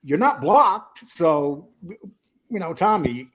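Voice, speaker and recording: Male stream host, husky high voice, teasing and jokey, lively. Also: slow pace. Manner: joking, teasing, reads chat aloud. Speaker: livestream host. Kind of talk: casual livestream chat.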